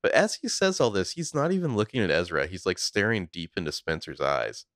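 A man's voice: deep voice, very animated, fairly bright tone, no room sound, studio quality. A man co-hosting a podcast, casually recapping a TV episode scene by scene and swearing now and then. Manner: laid-back, recounting scenes with quick quoted lines and swearing. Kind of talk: casual chat.

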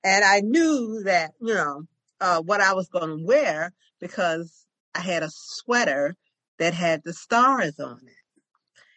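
A woman co-hosting a podcast, telling a story in a chatty, animated way. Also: on the low side, slow, dry recording. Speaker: podcast co-host. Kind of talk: casual chat, storytelling.

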